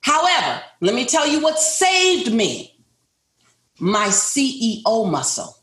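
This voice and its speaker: Middle-aged woman, business owner, emphatic motivational storytelling, slightly high voice, roomy echo. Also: huge pitch swings, slow, fairly bright tone. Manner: emphatic, repetitive, addresses listeners directly. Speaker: business owner speaking to a group.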